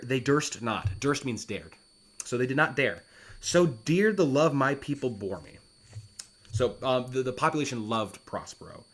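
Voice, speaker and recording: A man's voice: medium pitch, a bit bright. A man, a former English teacher, reading Shakespeare's lines with dramatic emphasis and then explaining them in plain words.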